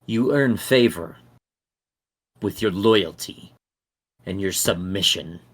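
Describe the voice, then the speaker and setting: A man's voice: deep voice, slow pace, a bit bright, husky, pitched below the performer's own voice, heavily acted. A man voicing a cold commanding devil lord.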